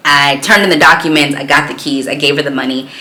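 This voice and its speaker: A woman's voice: low voice, fairly even intonation, fast, sharp tone, reverberant, rough recording. A woman and small business owner telling a personal story in a vlog, earnest and reflective as she talks about her faith.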